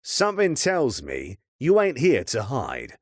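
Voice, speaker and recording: A man voicing a grumpy, gruff old man who tends a fire, talking in a rough, colloquial way. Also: mid-range voice, huge pitch swings, measured pace, no room sound, studio quality, pitched above the performer's own voice, exaggerated voice.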